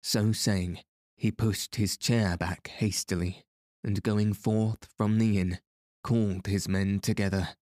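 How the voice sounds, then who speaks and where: A man reading a storybook aloud as narrator, in a measured, even way, close to the mic. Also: on the low side, dry recording. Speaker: audiobook narrator.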